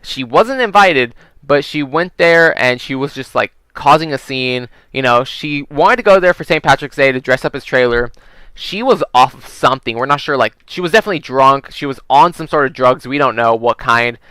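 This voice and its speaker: A man's voice: mid-range voice, lively intonation, normal speed, pushed and bright, clear, resonant tone, no room sound, poor audio. A man telling work stories while playing a video game, rambling and swearing freely, with lots of "like" and "um". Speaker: gaming vlogger.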